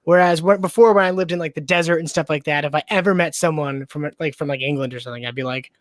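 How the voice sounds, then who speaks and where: A man's voice: a little high, fast, few pauses, no room sound. A young man hosting a podcast, chatting casually and rambling with lots of "like" and "you know". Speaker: podcast host. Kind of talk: casual interview chat.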